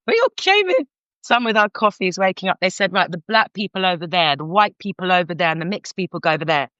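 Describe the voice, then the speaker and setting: A middle-aged counsellor from North London, with a London accent, shares a candid story as a podcast guest, frank and animated with many restarts. Her voice is lowish and a little fast. The dry recording sounds dull and lo-fi.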